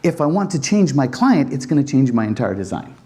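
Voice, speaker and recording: Animated man with a lively voice. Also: mid-range voice, brisk. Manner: animated, acts out dialogues with customers. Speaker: Wi-Fi design instructor. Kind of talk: conference presentation.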